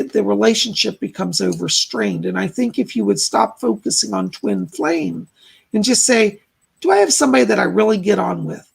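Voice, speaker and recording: A man hosting a live stream as a psychic medium, giving casual readings and advice in a gentle, reassuring, chatty way. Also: high voice, gravelly, husky.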